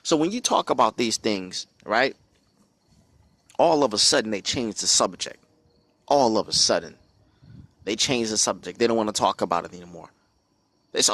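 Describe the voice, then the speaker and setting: A low-pitched man from the United States talks with force and feeling, hammering his points by repeating phrases and asking rhetorical questions. The sound is dry and close, with no room around it. He speaks to his listeners without a script. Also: lively intonation, normal speed, pauses often, fairly bright tone, no room sound. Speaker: speaker on a religious channel. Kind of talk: impassioned spoken commentary.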